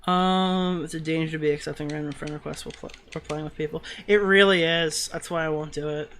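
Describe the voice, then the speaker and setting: A man's voice: a little high, fairly even intonation, quick pace, fairly bright tone. Profane New York streamer man. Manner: casual, profane, frustrated outbursts at the game. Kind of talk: live gaming stream chat.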